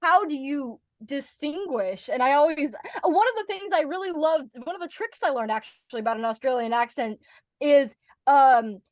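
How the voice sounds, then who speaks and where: A young American woman chatting as an interview guest about her voice-over work, animated and giggly, with many fillers and restarts. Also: sits high, moderate pace, no echo, studio quality. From United States. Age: young adult. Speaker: guest, voice actor and speaker. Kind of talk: casual interview chat.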